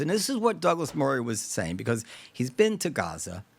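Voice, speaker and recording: A man's voice: medium pitch, brisk, gravelly, few pauses. A man hosting a podcast, talking through a debate in casual discussion, thinking aloud and acting out imagined exchanges. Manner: animated, acts out imagined dialogues; digressive, thinks aloud with fillers. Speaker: podcast host.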